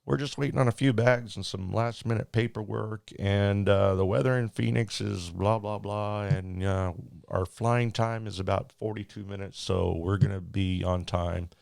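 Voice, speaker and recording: A man's voice: lowish voice, steady tone, moderate pace, vocal fry, hardly any pauses, darkish tone, no room sound, studio quality. A man putting on a male airline captain making a drawling cabin announcement. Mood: breezy. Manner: breezy, drawling announcement patter.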